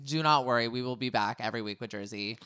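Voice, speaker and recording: A man's voice: mid-range voice, quick pace, sharp tone, clear, resonant tone, no echo, studio quality. A man hosting a podcast in casual chat, playful and upbeat. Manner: playful, upbeat, apologetic to listeners. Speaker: podcast host.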